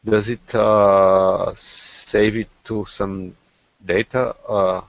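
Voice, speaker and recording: A man hosting a podcast, chatting casually about tech with lots of pauses and fillers. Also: fairly low pitch, flat delivery, vocal fry. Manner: hesitant, many fillers and restarts. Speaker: podcast host.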